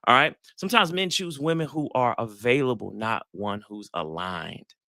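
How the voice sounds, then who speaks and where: Guy hosting a live dating talk, slangy storyteller, crisp dry audio. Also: mid-range voice, normal speed, dry recording. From Atlanta, US South. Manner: animated storyteller, acts out quotes, slangy. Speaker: psychologist hosting a live session.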